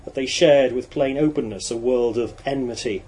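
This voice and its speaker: A man narrating a novel in a measured, even storytelling voice. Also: mid-range voice, husky, low-quality recording. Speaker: audiobook narrator. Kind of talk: reading a novel aloud.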